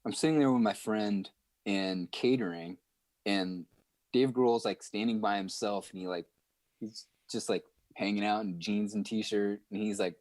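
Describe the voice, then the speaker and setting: A man guesting on a podcast, telling stories in a chatty, animated way with lots of fillers. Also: fairly low pitch, measured pace, no echo. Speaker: guest musician. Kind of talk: casual podcast storytelling.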